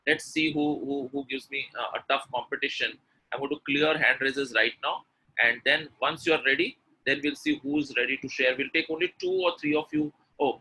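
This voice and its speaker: A man's voice: mid-range voice, creaky, sharp tone, slightly rough, poor audio. A man with an Indian English accent teaching pronunciation in a live online webinar, drilling sounds by repetition. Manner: drills sounds by repeating them, urges chat replies. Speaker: spoken English trainer.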